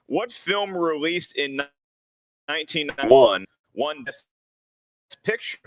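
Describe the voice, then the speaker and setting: A man's voice: a little high, sing-song, slow, slight background noise. A man hosting a movie trivia match, reading the rules and questions and throwing in jokey asides. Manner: jokey asides, playful teasing. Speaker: trivia game show host.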